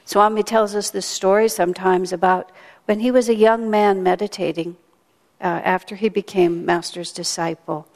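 A woman giving a sermon, telling stories in a gentle, reflective way. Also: mid-range voice, fairly even intonation, moderate pace. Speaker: spiritual teacher. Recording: long hall reverb.

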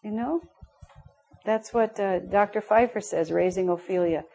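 A woman's voice: medium pitch, unhurried, creaky, dark tone, breathy edge. A woman giving a spiritual class in an earnest, chatty way, with many "you know" asides. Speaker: spiritual teacher. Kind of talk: conversational class talk.

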